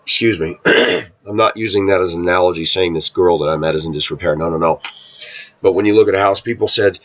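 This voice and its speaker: Deep-voiced man rambling a personal story. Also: fast, a bit bright, muffled recording. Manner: rambling storytelling, frequent throat clearing. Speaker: vlogger. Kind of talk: casual monologue to camera.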